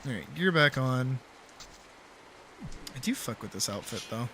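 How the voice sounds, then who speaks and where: A man's voice: mid-range voice, big pitch swings, a little slow, background noise. A man chatting casually while streaming a game, playful and rambling, swearing now and then. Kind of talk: casual gaming livestream chat.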